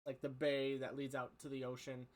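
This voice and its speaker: A man narrating as game master, with loose, halting delivery, frequent ums and throat clearing. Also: mid-range voice, completely flat delivery.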